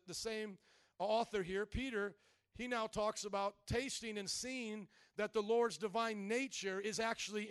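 A married man preaching a sermon, animated, swinging from quiet reasoning to loud shouting and playful mock voices. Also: sits high, clean tone, no room sound. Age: adult, married. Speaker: pastor.

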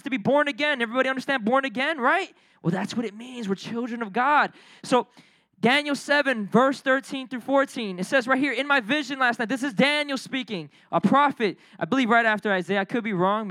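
A young adult man preaching a sermon in an energetic, conversational way, full of slang and quick asides. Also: extremely high pitch, dry recording. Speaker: pastor.

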